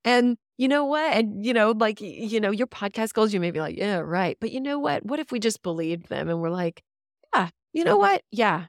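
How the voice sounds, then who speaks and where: Lebhafte Frau im Podcast-Gespräch, trocken aufgenommen. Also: female voice, mid-range voice, a little fast, hardly any pauses, dry recording, clean studio sound. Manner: animated and candid, laughs often, swears casually. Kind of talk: casual podcast conversation.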